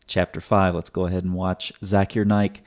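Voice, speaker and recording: A man's voice: deep voice, little pitch movement, moderate pace. A man hosting a video commentary, explaining step by step in a methodical, sarcastic way, often repeating words.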